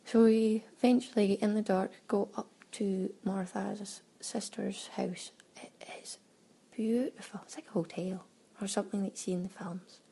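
With a mid-range, dark, husky voice that shows vocal fry, a Scottish woman speaks at normal speed with little pitch movement and hardly any pauses. Her travel audio diary is casual and chatty, full of laughter and acted-out exchanges with quoted exclamations, on a low-quality recording.

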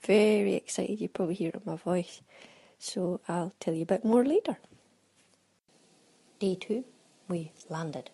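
A woman's voice: fairly low pitch, a little slow, long pauses, dark tone, slightly rough, low-quality recording. A Scottish woman chatting casually through a travel audio diary, laughing often and acting out little exchanges. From Scotland. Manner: chatty, laughing, breaks into quoted exclamations. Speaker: audio diarist.

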